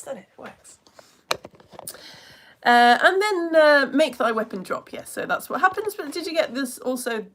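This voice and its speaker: Young British teacher, female, higher voice, friendly chatty delivery with frequent laughs. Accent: British English. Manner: chatty, laughs often, talks with many restarts. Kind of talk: live online lesson, chatty. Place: home.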